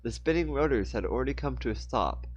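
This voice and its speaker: A man casually reads a novel aloud like an audiobook reader, occasionally stumbling and correcting himself. His medium-pitched voice is expressive and fast with a breathy edge, and the recording sounds muffled.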